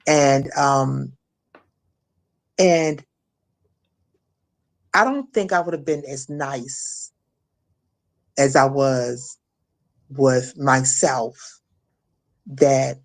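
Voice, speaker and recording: A middle-aged woman from Maryland recounting a personal ordeal as an interview guest, halting with many restarts and fillers. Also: very deep voice, fairly even intonation. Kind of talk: emotional personal testimony.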